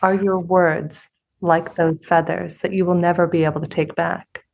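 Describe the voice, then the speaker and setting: A woman voicing a calm, wise old male village sage in a spoken parable, with a measured, instructive delivery. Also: fairly low pitch, gravelly, muffled recording, slight background noise.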